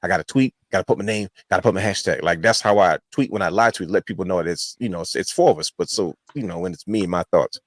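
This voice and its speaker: A man co-hosting a wrestling podcast, telling a long-winded story with animated quotes. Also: sits low, quick pace, few pauses, no echo. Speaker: podcast co-host. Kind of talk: casual chat.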